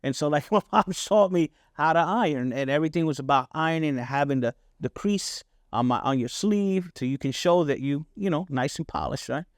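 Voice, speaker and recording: Speaking briskly with few pauses, a middle-aged podcast host recounts personal stories in a fairly high voice. He's casual and candid, swears freely, and keeps checking in with "right?" The recording is dry and of studio quality.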